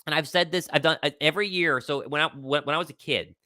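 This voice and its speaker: A young man hosting a live sports stream, talking with excitable confidence and reading out viewers' questions. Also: a little high, quick pace, no echo, clean studio sound. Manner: excitable, confident, reads chat questions aloud. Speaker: host of a sports livestream. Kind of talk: live pregame Q&A commentary.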